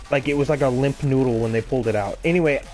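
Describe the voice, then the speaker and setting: A man's voice: mid-range voice, quick pace, a little mellow, soft background music. A man in his twenties telling a casual, rambling story full of swearing and self-mocking laughs. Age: 20s. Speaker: gaming channel host.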